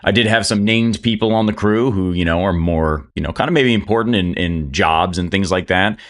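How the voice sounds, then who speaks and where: A man's voice: low voice, fairly quick. A man running a tabletop game as game master, rambling with many fillers and restarts.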